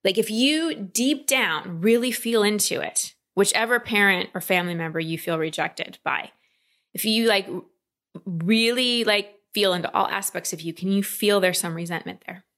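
A woman coaching a client in a calm talk, often slipping into quoted inner voices. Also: medium pitch, normal speed. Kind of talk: coaching session.

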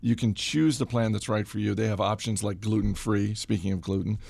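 Middle-aged male podcast host, animated and self-deprecating, low and gravelly. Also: fairly quick, dry recording. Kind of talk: casual chat with host-read ad.

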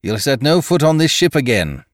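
A man voicing a calm, shrewd male sea captain who bargains in an unhurried, commanding way. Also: mid-range voice, no echo, clean studio sound, voice pushed up, lightly acted.

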